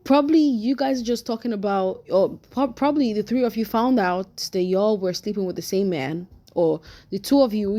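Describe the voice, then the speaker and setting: A woman's voice: mid-range voice, warm tone. A woman giving chatty, opinionated reaction commentary and talking straight to her viewers. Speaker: commentary YouTuber.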